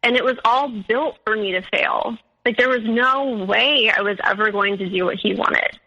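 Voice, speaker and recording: Brief: young woman, interview guest, bright higher voice, candid storyteller, dull call audio. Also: normal speed. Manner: candid, frequent fillers, quotes people in animated voices. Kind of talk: personal storytelling in conversation.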